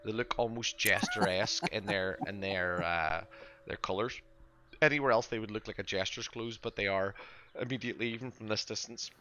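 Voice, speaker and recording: Bright-voiced male game master. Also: on the low side, a little fast. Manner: loose, rambling narration with many fillers. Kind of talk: narrating a tabletop game.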